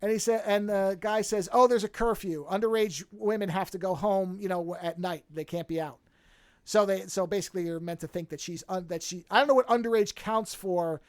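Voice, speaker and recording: Podcast host, mid-pitch, dry close studio mic, swears freely, animated recaps with acted-out quotes. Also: brisk, dry recording. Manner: profane, animated storytelling, acts out characters' lines. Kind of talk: casual podcast chat retelling a film.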